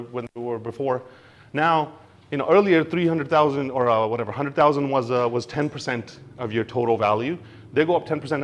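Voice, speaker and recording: A man giving an informal seminar talk on money, blunt and animated, acting out little exchanges in mock voices. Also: medium pitch. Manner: blunt, swears casually. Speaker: crypto educator.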